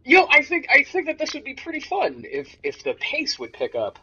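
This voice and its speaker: Guy riffing on a game while he plays, bright lively voice, bit husky, kinda muffled audio. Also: very high-pitched, fairly quick. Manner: jokey, sarcastic, laughs often. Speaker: game streamer. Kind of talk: casual gameplay commentary. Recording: dull lo-fi stream audio.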